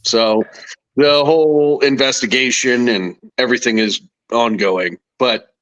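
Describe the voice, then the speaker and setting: A man's voice: mid-range voice, unhurried, a bit bright, dull audio. A man co-hosting a casual golf chat, easygoing, laughing along and then explaining things plainly. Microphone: remote stream mic.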